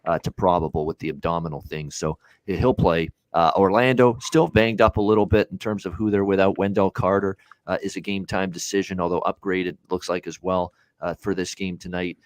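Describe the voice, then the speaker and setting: A man's voice: low voice, steady tone, brisk, no room sound. A man hosting a sports betting show in casual talk, blunt and full of "uh" fillers as he rattles off scores and lines.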